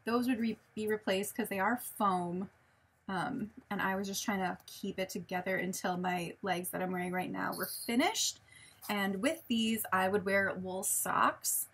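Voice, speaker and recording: A woman's voice: mid-range voice, a little slow, fairly bright tone, slightly rough. A woman, chatting casually in a show-and-tell vlog, rambling with many ums and self-corrections. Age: late 20s. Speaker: vlogger.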